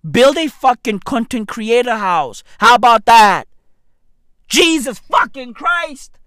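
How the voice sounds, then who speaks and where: A man in his thirties delivering a brash, profane comedic rant to camera, with bursts of shouting. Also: very high voice, expressive, slow, no room sound, clean studio sound. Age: 30s. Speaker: vlogger.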